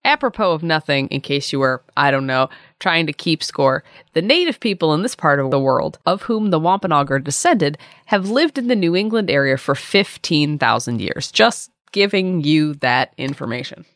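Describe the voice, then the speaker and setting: A woman co-hosting a comedy history podcast, narrating from a script with sarcastic, deadpan asides. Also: deep voice, moderate pace, few pauses, no room sound, studio quality. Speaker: podcast co-host.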